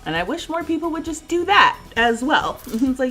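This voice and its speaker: Animated, bright-voiced woman streamer chatting. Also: high-pitched, normal speed, faint music behind. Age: 30s. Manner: animated, laughs often, thinks out loud. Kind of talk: casual livestream chat while playing.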